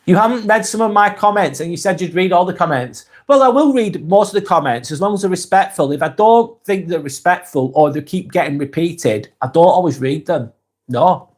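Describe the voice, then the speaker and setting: A man with a Lancashire English accent hosting a live stream, reading viewers' comments aloud and answering in a relaxed, chatty way, tired and fatigued. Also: high-pitched, brisk. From England.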